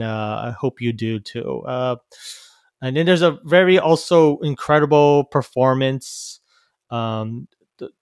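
A man's voice: mid-range voice, gravelly, clear, resonant tone, dry recording, clean studio sound. Rambling man hosting a podcast. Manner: rambling, many fillers and restarts. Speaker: podcast host. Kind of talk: casual podcast review. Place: live venue recording.

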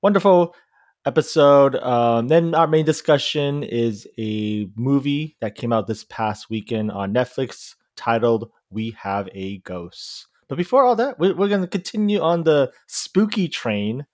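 A man hosts a laid-back podcast chat, stopping and starting as he talks and filling the gaps with "uh" and "um". His voice sits at an ordinary middle pitch. It sounds close and dry, with no room echo. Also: expressive, a little mellow. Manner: halting, full of filler words and restarts. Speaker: podcast host.

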